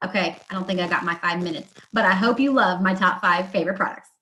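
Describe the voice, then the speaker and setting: A woman beauty consultant giving a live product presentation. She talks in an enthusiastic, chatty way, with quick asides and acted-out quotes. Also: lowish voice, pushed and bright.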